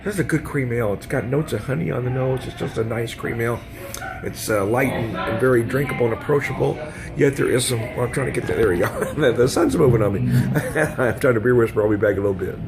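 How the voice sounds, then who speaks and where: Over music, a man with a mid-range voice talks fast as he reviews beer and food in a casual video. This beer vlogger is losing his voice, yet he chats folksily, rambles, and laughs a lot, sitting outdoors at a trout farm restaurant.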